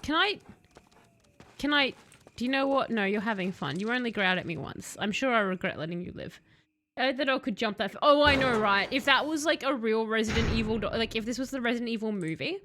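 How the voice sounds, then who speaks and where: Talking to her chat and to the game's hero, a young female streamer offers sarcastic, chatty let's-play commentary. Her voice is medium-pitched and fairly bright, with slight background noise.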